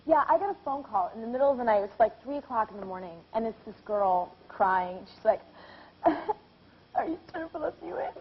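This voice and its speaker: A woman's voice: mid-range voice, a little fast, slightly rough. A young woman in her twenties, a guest on a talk show, telling stories in a bubbly, laughing way. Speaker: actress guest. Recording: lo-fi TV broadcast with faint hiss.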